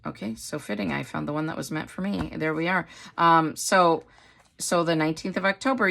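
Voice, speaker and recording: A woman's voice: sits low, a bit bright. A middle-aged woman from Wisconsin, chatting casually and rambling as she shows off a craft haul. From Wisconsin, USA. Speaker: craft vlogger. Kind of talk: casual haul chat to camera.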